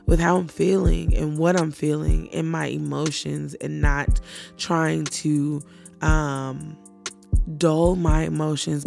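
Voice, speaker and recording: A woman hosts a personal faith podcast, unhurried and reflective. Her voice carries a heavy gravelly fry, and she often pauses on fillers as she opens up. Faint music sits quietly behind her. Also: sits low. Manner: candid and reflective, halting with frequent fillers. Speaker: podcast host.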